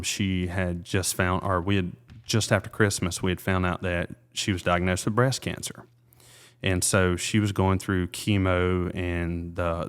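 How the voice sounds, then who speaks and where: A man with a very low voice tells a personal story in an interview. He speaks earnestly and haltingly, often restarting his sentences and filling pauses. He sounds like a man in his thirties. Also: smooth. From South Carolina. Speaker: realtor, interview guest.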